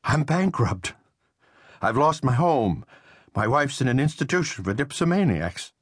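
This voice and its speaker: A man's voice: mid-range voice, very animated, measured pace, husky, dry recording, pitched above the performer's own voice. A man voicing a desperate, bankrupt middle-aged contractor in an audiobook, talking in an agitated, accusing way. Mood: bitter.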